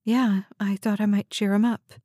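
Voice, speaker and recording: A woman's voice: medium pitch, little pitch movement, normal speed, dark tone, no room sound, studio quality, lightly acted. A woman reading the part of an anxious, trusting young woman, speaking hesitantly. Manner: hesitant, trembling.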